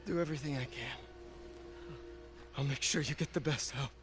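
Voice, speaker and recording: A man's voice: medium pitch, moderate pace, music in the background, close to an everyday voice. An actor playing an earnest, strained young male hero.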